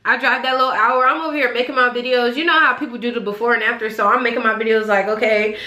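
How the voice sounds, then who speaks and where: A young woman telling a story to her vlog in a casual way, animated and exasperated, swearing freely as she recounts it. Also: fairly high pitch, fast. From California, Bay Area region. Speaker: vlogger. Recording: echoey room.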